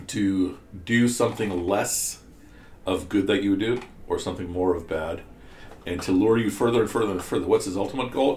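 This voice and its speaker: This low, slightly mellow male voice carries some reverb and a bit of hiss or hum. He's leading a classroom commentary on scripture, walking students through concepts one step at a time, quizzing them as he goes, and frequently starting over mid-thought.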